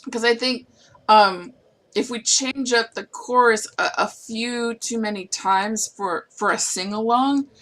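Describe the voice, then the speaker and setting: A woman's voice: on the high side, measured pace, a bit bright. A woman talking through song structure in a casual chat, hesitant and thinking aloud. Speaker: songwriting partner. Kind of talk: casual chat about songwriting.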